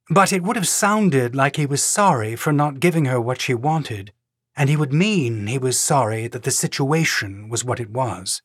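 A man narrating an audiobook in a calm, even reading manner. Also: mid-range voice, dry recording, studio quality. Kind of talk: scripted narration.

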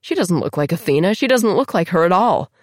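Female audiobook narrator, low voice, tense emotional first-person read, dry close mic. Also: animated, fairly quick, dry recording.

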